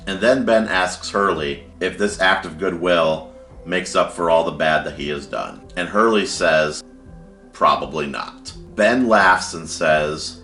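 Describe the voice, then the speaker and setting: A man's voice: deep voice, pushed and bright, reverberant. A man casually retelling a story he wrote, with fillers like "like" and "kinda". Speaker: fan storyteller.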